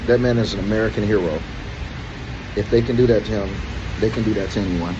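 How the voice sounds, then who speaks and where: A man's voice: on the low side, fast. A man near tears in an earnest, emotional personal vlog, often calling the listener bro and man. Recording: dull lo-fi audio with background noise.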